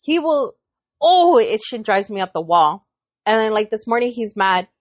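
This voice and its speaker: कैज़ुअल चैट में बेबाक, गालियों भरी महिला. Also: female voice, a little high, normal speed, dry recording, muffled recording. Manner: blunt, profane, animated storytelling with voiced quotes. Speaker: podcast co-host. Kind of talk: casual chat.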